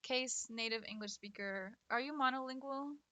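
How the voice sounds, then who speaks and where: A woman's voice: high voice, normal speed, bright, forceful tone, no room sound. A woman chatting casually with her stream chat while drawing. She laughs often and talks with lots of fillers. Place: home setup at a computer.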